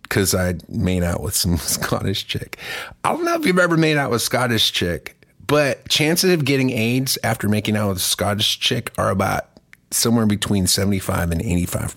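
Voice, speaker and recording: A man with a cough talks casually as a musician hosting his song club, rambling, joking and swearing freely. His voice sits low but swings widely in pitch. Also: very animated, moderate pace, fairly bright tone. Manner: rambling, profane, jokey. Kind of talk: casual livestream chat.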